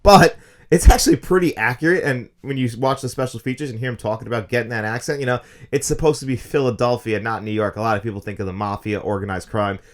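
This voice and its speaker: A man in his thirties talks quickly through a casual film review, eager and opinionated. His pitch sits in a middling range for a man, and the words tumble out at a brisk clip. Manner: fast, enthusiastic, opinionated talk.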